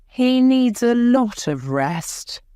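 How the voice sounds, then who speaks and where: A calm storybook doctor gives quiet advice, voiced by a woman reader. He speaks slowly and evenly. The recording is dry and close. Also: a little high, clear, resonant tone, dry recording, voice pushed up, exaggerated voice. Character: calm male country doctor.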